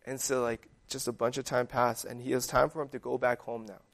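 Casual young man preaching, gravelly voice. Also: medium pitch, level tone, brisk. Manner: conversational, full of fillers like "like" and "um". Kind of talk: casual sermon.

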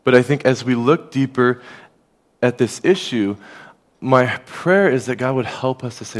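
Man, pastor, sermon, earnest conversational delivery, medium pitch. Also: a little slow. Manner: earnest, conversational preaching, drops softer on key phrases.

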